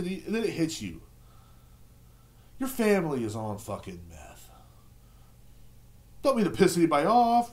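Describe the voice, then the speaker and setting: A man's voice: normal speed, long pauses. Rambling, profane man. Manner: rambling, profane, sarcastic storytelling; lively pitch jumps when mimicking others. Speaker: podcast host. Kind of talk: casual beer podcast monologue.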